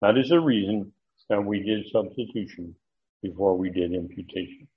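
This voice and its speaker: A man teaching a Bible study, deliberate and emphatic, pausing often with fillers. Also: lowish voice. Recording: muffled lo-fi recording.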